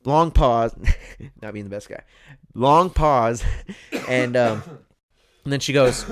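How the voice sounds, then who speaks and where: In a casual podcast chat, the young host recounts a story with lots of animation and frequent laughter. He talks at a moderate pace with a mid-range voice.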